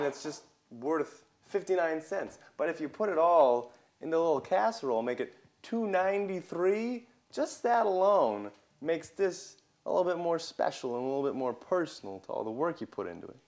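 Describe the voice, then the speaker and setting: A man's voice: a little high, expressive, normal speed. A young man hosting a casual cooking demonstration in a home kitchen, chatting through each step in a friendly, folksy way. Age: young adult. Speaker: cooking show host.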